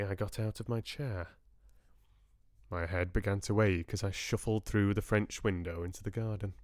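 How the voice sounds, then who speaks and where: A man reads a novel aloud for a livestreamed book club, taking his time over each sentence. His pitch moves freely through the narration, and the close recording has almost no room sound. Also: no room sound. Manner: slow, expressive, lively. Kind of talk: audiobook-style reading.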